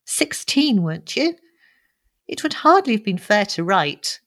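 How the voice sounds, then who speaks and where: A woman's voice: medium pitch, very animated, unhurried, fairly bright tone. A woman reading the part of a shabby young man, weary and rueful, in an audiobook, with clipped, bitter lines.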